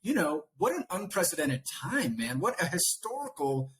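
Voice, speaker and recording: Man, coach, podcast guest, earnest, reflective, lively. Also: high-pitched, normal speed, slight background noise. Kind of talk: casual conversational interview.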